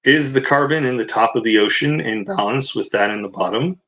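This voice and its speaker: Talking a little fast in a mid-range, fairly bright voice, a man alternates between reading a book aloud and sarcastically tearing it apart. His commentary is casual and full of rambling digressions, and the recording is rough.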